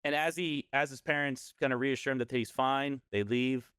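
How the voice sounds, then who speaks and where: A man's voice: mid-range voice, fairly even intonation, moderate pace, a bit bright, smooth, no echo, studio quality. A man casually telling a scary story on a podcast, rambling and often correcting himself.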